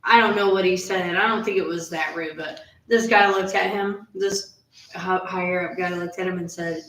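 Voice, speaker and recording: A woman's voice: on the low side, fairly even intonation, normal speed, fairly bright tone, echoey room, distant mic, poor audio. A woman in casual chat, telling a rambling story full of fillers and asides.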